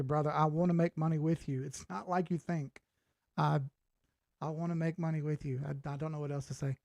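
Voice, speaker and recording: A man in his late thirties with a fairly high voice chats casually on a livestream. His delivery is laid-back, blunt and swears freely. The sound is dry and close, with no room echo. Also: darkish tone. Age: 30s. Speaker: crypto chart analyst and livestream host.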